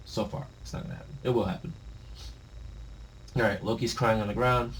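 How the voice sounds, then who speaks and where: A man reading a manga aloud and reacting, talking in a casual, slangy, excitable way. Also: lowish voice, a little fast, vocal fry, pauses often, slight background noise. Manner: excitable, slangy, breaks into shouts and laughs.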